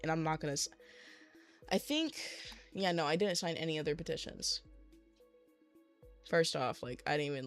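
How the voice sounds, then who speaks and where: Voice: medium pitch, normal speed, long pauses, faint music behind. A young adult craft livestreamer telling a long, exasperated story in a rambling, casual way while working on a craft, acting out what other people said. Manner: rambling, exasperated venting with acted-out quotes.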